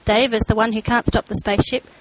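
A woman's voice: on the high side, flat delivery, quick pace, noisy background. Woman plainly reading the credits. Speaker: credits announcer.

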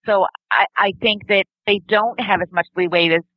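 A woman's voice: medium pitch, steady tone, normal speed, no room sound, dull audio. A woman in casual chat, earnest and argumentative as she makes her case.

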